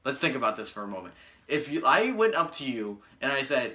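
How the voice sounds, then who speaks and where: Crude sarcastic young man, bright voice. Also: mid-range voice, animated, a little fast. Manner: crude, sarcastic, full of fillers. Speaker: wrestling show reviewer. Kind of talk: casual review vlog.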